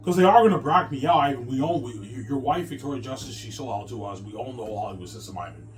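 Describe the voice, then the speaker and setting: A man voicing a scheming, greedy male tycoon who boasts and shouts, recorded on a distant mic with steady background noise. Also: mid-range voice, quick pace, lightly acted. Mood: gloating.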